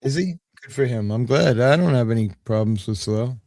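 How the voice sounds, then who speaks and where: A man's voice: mid-range voice, moderate pace, mellow, no room sound. An older man hosting a casual livestream, rambling through stories and swearing freely. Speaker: livestream host.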